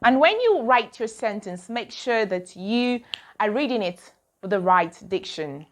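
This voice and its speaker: A woman's voice: fairly high pitch, very animated, a little slow. A woman teaching a pronunciation lesson to children. She drills words one at a time and asks and answers her own questions.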